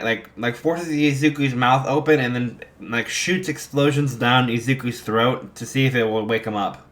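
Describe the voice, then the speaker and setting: Male storyteller, unhurried, rambling, filler-heavy improv narration. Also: mid-range voice, fairly bright tone. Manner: rambling, full of fillers and restarts. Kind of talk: improvised fan fiction narration.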